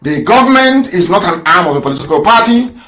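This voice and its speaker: A man with a high-pitched voice hosts a fiery political broadcast. He hammers away with rhetorical questions, rising to shouts and then dropping to low mutters. The recording has a roomy echo around him. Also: big pitch swings, fast talker. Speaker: radio broadcaster.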